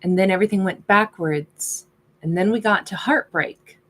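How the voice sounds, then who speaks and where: A woman's voice: medium pitch, normal speed, a bit bright. A woman giving a casual tarot reading, thinking aloud as she turns over each card. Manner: musing, thinks aloud while reading cards. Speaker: tarot reader.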